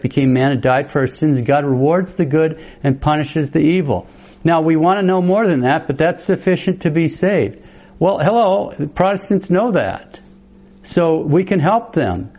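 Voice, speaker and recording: A man who is a Catholic priest, giving an informal, conversational teaching talk in a brisk way and often breaking off to restart his sentences. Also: fairly high pitch, a little mellow, dull audio. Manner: brisk, conversational, self-interrupting.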